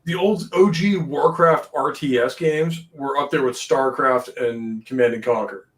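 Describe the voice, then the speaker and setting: A man from New England with a Boston accent chats as a panelist in a relaxed talk show, heard over a video call. His voice sits in a middle pitch, and he talks in an easygoing, talkative way. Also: measured pace. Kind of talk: casual panel chat.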